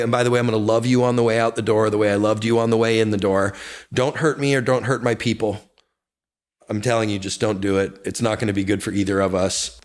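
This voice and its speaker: A man speaking candidly as an interview guest, intense and confessional, with sudden excited bursts. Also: on the low side. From United States. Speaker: guest, real estate brokerage founder.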